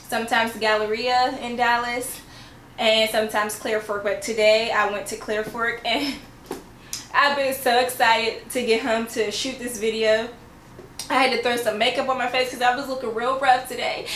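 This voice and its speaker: A woman's voice: fairly high pitch, fairly bright tone, slight background noise. Gushing woman in a roomy room. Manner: gushing, chatty, keeps correcting herself. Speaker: YouTuber and English teacher. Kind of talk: excited unboxing vlog. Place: at home, indoors.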